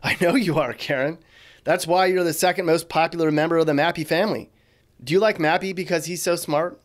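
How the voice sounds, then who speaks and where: A man's voice: a little high, steady tone, brisk. A man hosting a YouTube video, narrating from a script with playful, teasing asides. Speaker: YouTube host.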